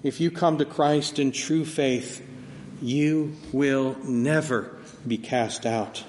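A man's voice: mid-range voice, fairly even intonation, slow, slight background noise. Man preaching in a reverberant hall. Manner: dynamic preaching, swinging from soft to loud emphasis. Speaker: pastor. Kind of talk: sermon. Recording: long hall reverb, faint ambience.

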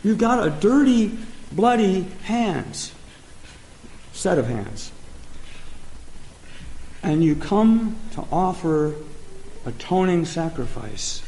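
A man preaching a sermon, speaking emphatically and pausing often as he reads scripture. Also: high voice, sing-song, warm tone. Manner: slow, emphatic preaching with pauses and restarts. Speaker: pastor. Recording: echoey room.

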